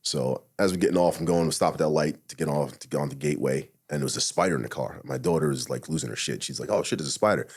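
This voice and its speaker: A man who is a retired police officer, telling a personal story as a podcast guest in a blunt, profane, animated way, acting out what he thought and said. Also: rumbling low, quick pace, few pauses, slightly rough. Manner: blunt, profane, animated retelling with acted-out inner quotes. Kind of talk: casual storytelling interview.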